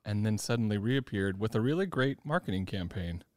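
A man's voice: on the low side, expressive, brisk, no echo, studio quality. A man hosting a casual podcast with friends, talking with wry humor and a slightly gargly throat. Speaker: podcast host. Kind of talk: casual chat.

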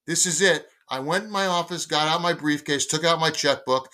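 Bright-toned man telling lively stories. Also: fairly high pitch, normal speed, few pauses. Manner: animated storyteller who acts out quoted dialogue. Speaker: guest, baseball editor and former team publicist. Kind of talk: anecdotal storytelling in conversation.

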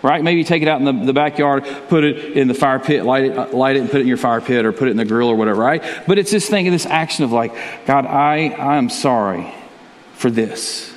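Conversational pastor preaching in a hall. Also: male voice, mid-range voice, quick pace, few pauses. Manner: conversational, repeats words, chuckles. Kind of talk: sermon. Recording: long reverb of a large hall.

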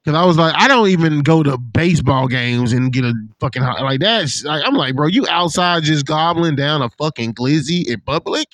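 A man hosting a casual chat, telling profane, animated stories and acting out what people said. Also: on the high side, normal speed, few pauses, no echo. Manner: animated, profane storytelling with put-on quotes. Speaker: podcast host.

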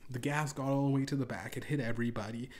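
A man's voice: mid-range voice, fairly even intonation, fast talker, a little mellow. A young man hosting a podcast, telling an absurd comedic story in a casual, profane, rambling way with lots of restarts. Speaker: podcast host.

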